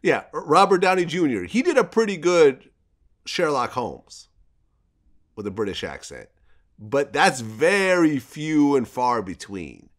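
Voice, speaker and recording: A male host leads a casual interview. His voice sits fairly high and moves a lot in pitch. He sounds upbeat and curious as he asks questions. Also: sing-song, measured pace.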